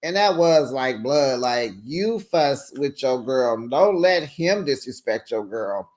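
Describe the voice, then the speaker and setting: A man's voice: mid-range voice, animated, takes it slowly, a little mellow. A tired man giving a casual, sassy recap of a reality show, chatting to his viewers with slangy asides.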